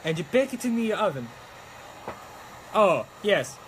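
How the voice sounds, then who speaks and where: Young adult man, high and animated, chatty prop-making streamer, playful. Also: unhurried, slight background noise. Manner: playful, chatty, slips into mock-Italian exclamations. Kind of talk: casual chat while crafting.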